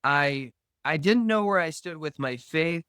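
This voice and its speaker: A man, a guest on a podcast, slowly and earnestly telling a personal recovery story, acting out remembered dialogue. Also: a little high, expressive, sharp tone, clear, resonant tone, no room sound.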